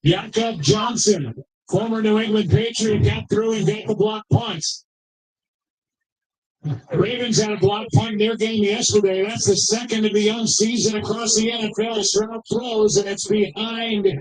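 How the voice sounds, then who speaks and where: A man with a high, bright-edged speaking pitch calls a football game live. He moves briskly from play to play, naming who did what on the field. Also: fairly even intonation, low-quality recording. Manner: brisk, descriptive call of each play. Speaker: play-by-play commentator.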